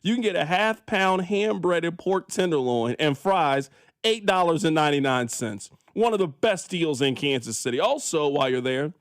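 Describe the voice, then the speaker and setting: A sports radio host with a high, lively man's voice. He rants in an animated, exasperated way. The sound is close and dry, straight from a studio mic. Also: moderate pace, no echo. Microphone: studio microphone.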